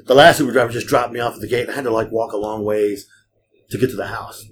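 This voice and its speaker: A man's voice: fairly low pitch, steady tone, fast, a little hiss or hum. A man hosting a podcast, telling long profane stories in a casual chat and acting out the people in them. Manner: profane, rambling anecdotes; acts out quoted people. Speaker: podcast host and rideshare driver.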